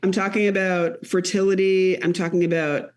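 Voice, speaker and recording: A woman in her late thirties, a comedian guest, chatting casually on a podcast in an animated, rambling way. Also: fairly low pitch, moderate pace. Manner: animated, rambling with many fillers.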